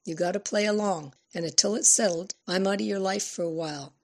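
A woman reading an audiobook voices a worried mother talking her daughter down quietly. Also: medium pitch, fairly quick, close to an everyday voice. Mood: urgent. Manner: quiet, urging, reassuring.

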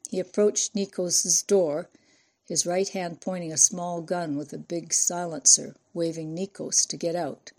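A woman reading a novel aloud as an audiobook narrator, in a measured storytelling manner. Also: on the low side, steady tone, mellow. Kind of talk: scripted narration.

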